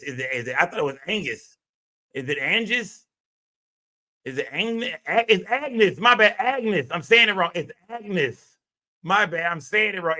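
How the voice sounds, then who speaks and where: Bright-voiced rambling streamer man. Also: mid-range voice. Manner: loose, rambling and profane, with lots of filler tags. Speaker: live stream host. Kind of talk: casual live stream commentary.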